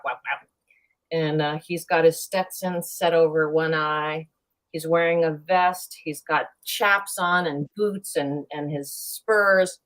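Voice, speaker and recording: A woman chatting as a guest on a live show, playful and lively as she tells a long joke. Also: deep voice. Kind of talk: casual chat, telling a joke.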